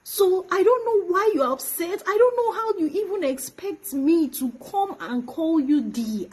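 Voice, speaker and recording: Young Nigerian woman, high voice, emotional direct-to-camera message, accusatory with whispered asides. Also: lively intonation, unhurried, hardly any pauses, a little mellow, poor audio. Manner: pleading and accusatory, drops to whispers. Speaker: actress addressing her former pastor. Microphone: phone camera.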